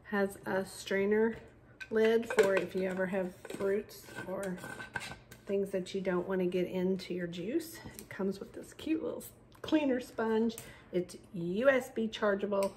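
A woman's voice: medium pitch, fairly even intonation, a little slow, noisy background. Chatty woman vlogging from a car. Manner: chatty, with fillers and self-corrections. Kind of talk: casual diet vlog. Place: parked car.

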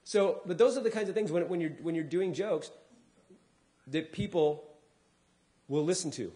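A man, a comedian, speaking casually to a live audience, acting out people's lines with big pitch jumps and dropping low for asides. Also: moderate pace. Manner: drops to a quieter, lower voice for asides. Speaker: comedian giving a talk.

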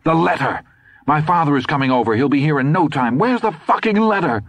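A man's voice: low voice, animated, moderate pace, slightly rough, no room sound. A man voicing a panicked, frantic teenage boy in an audiobook. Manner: frantic, strained.

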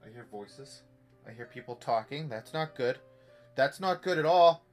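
Playing a VR horror game, this young streamer narrates live in a jumpy, jokey way, cursing and muttering to himself. Faint game music sits in the background, and his mid-range voice moves with lively intonation at a normal pace.

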